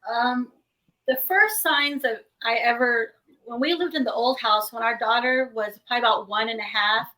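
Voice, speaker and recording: A woman's voice: fairly high pitch, moderate pace, rough recording. A middle-aged woman, a paranormal investigator, telling stories in an interview and acting out the voices of the people in them. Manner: animated storyteller, acts out quoted voices. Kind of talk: casual interview storytelling.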